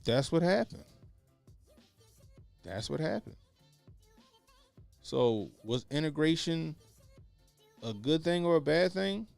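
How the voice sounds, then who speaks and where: Guy with a kinda high gravelly voice ranting casually, cusses a lot, repeats himself to hammer it home. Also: very animated, slow pace, pauses often, a little mellow, soft background music. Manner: blunt, profane, repeats points for emphasis. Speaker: podcast co-host. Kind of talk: casual opinionated commentary.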